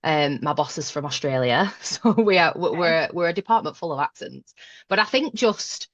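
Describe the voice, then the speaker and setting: A woman's voice: low voice, expressive, normal speed, dry recording, dull audio. A woman with a broad Lancashire accent from Burnley, a guest in a casual interview chat, frank and self-deprecating. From Burnley, Lancashire, England. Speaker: podcast guest, manager.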